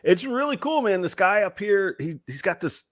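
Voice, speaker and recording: A middle-aged man hosting a podcast, chatting casually and telling animated, salty stories. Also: sits high, moderate pace, no echo, studio quality. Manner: animated, swearing storyteller. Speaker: podcast host.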